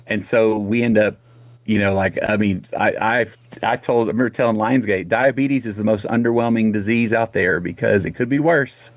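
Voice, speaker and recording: Lively storytelling middle-aged man, low and dry. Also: a little fast, no echo. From Texas. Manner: animated storyteller, frequent restarts and "man", "dude". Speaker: guest singer. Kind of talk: casual storytelling interview.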